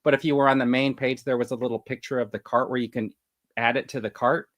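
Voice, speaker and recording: A man's voice: mid-range voice, fairly even intonation, fast talker, fairly bright tone, no echo. A man co-hosting a casual panel podcast, rambling as he works numbers out aloud and laughing often. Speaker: podcast co-host.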